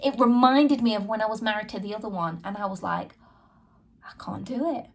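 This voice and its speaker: Talking fast in a mid-range voice, a woman on her podcast tells a personal story candidly and earnestly. She speaks directly to listeners and acts out her own past exchanges.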